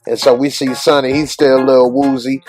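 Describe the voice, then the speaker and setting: A man's voice: mid-range voice, little pitch movement, fairly quick, a little mellow, soft background music, rough recording. A man hosting a casual episode recap, retelling scenes in loose, slangy talk. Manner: loose, slangy retelling that acts out characters' lines. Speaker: TV show recap reviewer.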